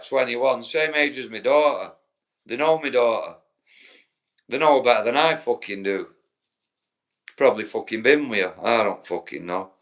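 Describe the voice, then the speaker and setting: A man's voice: medium pitch, a bit bright. A man in his forties with a Yorkshire accent, chatting on a live stream and telling stories full of swearing. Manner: swearing, rambling storyteller. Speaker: livestreamer. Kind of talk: casual live-stream chat.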